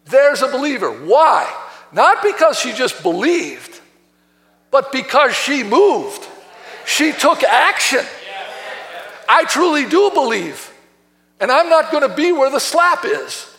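A man's voice: very high voice, sing-song, takes it slowly, fairly bright tone, big-room sound. A man preaching a sermon as pastor, emphatic and quoting scripture from the pulpit in a church. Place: church sanctuary.

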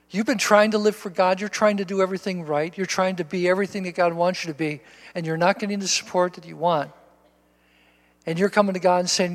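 A man's voice: sits high, big-room sound. A male pastor preaching a sermon, reading scripture aloud and applying it to his listeners, repeating words for emphasis.

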